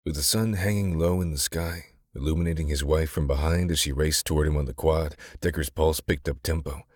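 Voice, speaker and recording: Very deep, husky male audiobook narrator. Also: fairly quick, dry recording, clean studio sound. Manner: steady, intimate storytelling. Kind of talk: scripted narration.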